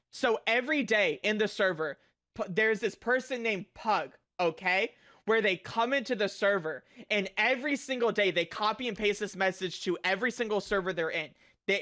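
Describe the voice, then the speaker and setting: A young man streaming a reaction video, ranting with lots of swearing and frequent shouting. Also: high voice. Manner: loud, profane, frequently shouting.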